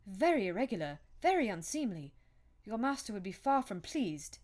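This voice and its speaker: A woman reading aloud as a peevish, fussy old male lawyer who speaks up in a high, indignant voice. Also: sing-song, moderate pace, darkish tone.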